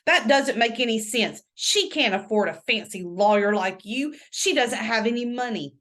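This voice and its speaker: Woman reading as a sarcastic, grumbling male public defender, lively pitch. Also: moderate pace.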